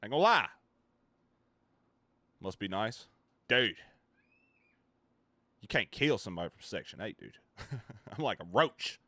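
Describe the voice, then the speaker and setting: A man streams live and chats with his viewers, swearing and joking as he rambles from one thought to the next. His voice sits low but cuts through with a bright, forceful tone. The sound is dry and close, with no room echo. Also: sing-song, unhurried, long pauses.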